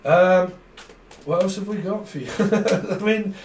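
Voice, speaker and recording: A man with a fairly high voice rambles through a tarot reading. He acts out little back-and-forth conversations and laughs often. He sits back from the mic in a roomy, echoing space. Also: moderate pace, darkish tone, distant mic. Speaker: tarot reader. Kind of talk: casual tarot reading monologue. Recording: echoey room, speaker away from the mic.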